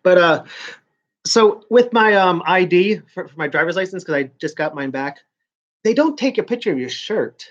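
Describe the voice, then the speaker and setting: A man's voice: high-pitched, lively intonation, moderate pace, fairly bright tone. A man in his forties with a New York accent, chatting casually to viewers on a live stream, rambling and stop-start. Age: 40s. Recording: dull lo-fi stream audio.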